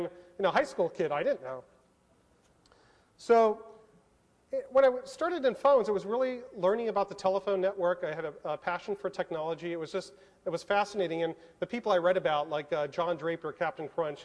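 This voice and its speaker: A man from Southern California, a conference speaker telling a lively personal story and acting out the dialogue. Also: high voice, brisk. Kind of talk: storytelling talk. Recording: long reverb of a large hall.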